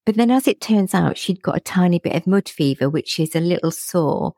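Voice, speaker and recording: A middle-aged woman with a low, warm voice and a gravelly edge, chatting reflectively as a guest. She laughs often while she talks. The sound is dry and close. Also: fairly quick, few pauses, dry recording. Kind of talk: casual conversational chat.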